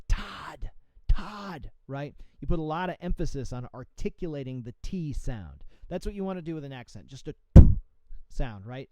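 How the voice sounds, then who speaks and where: A man's voice: a little high, dark tone, clean tone, no echo. A man, a music professor, giving coaching tips in an instructional podcast and checking in often with "okay?" and "right?". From USA.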